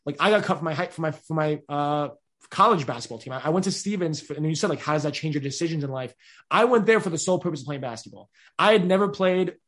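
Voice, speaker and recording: A young man, answering interview questions in an energetic, rambling way with many restarts. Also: fairly high pitch, fast. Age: 20s. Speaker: podcast host being interviewed.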